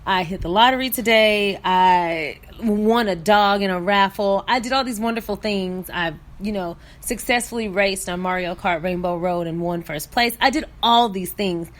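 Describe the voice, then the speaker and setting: A woman with an ordinary middle-pitched voice hosts a podcast, narrating a funny clip. She tells it with lively comic energy and keeps breaking into laughter. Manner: animated, laughing storyteller. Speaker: podcast host. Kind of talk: comedic story recap.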